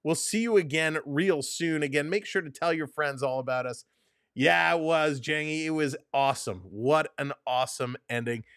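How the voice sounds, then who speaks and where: A man hosting a live hockey watch-along, giving energetic play-by-play and a recap and laughing often. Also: fairly high pitch, normal speed, smooth, dry recording, clean studio sound.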